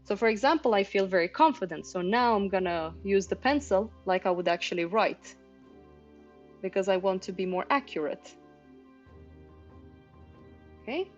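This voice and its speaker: A woman's voice: mid-range voice, expressive, moderate pace, pauses often. Give me a woman in her thirties casually teaching drawing to stream viewers, slightly dull sound with faint background music. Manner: chatty, explanatory, talks to viewers in chat. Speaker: art teacher streaming a painting session.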